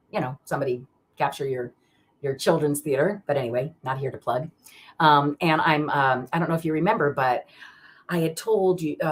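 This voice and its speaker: Woman host, very deep voice, rambling live-stream chat with viewers. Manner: rambling, chatty, many fillers and restarts; greets viewers by name mid-sentence. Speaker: card reader hosting a live stream.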